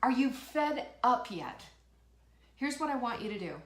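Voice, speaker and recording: Speaking a little slowly in a sing-song, fairly bright, higher voice, a woman hosts a live motivational talk show from an echoey room. She's fired up, tosses out rhetorical questions, and laughs as she reads viewers' comments.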